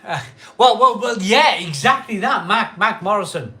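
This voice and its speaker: A man's voice: sits high, animated, moderate pace. A middle-aged man hosting a live craft beer stream, chatting in a rambling, repetitive way, a bit tipsy after a pint or two. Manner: chatty, rambling, repeats himself, loud cheery greetings. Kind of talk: casual live-stream chat.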